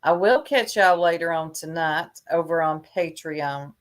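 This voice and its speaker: A woman gossips on a casual livestream in a low, unhurried drawl. Her manner is chatty and catty, and she lingers over every jab.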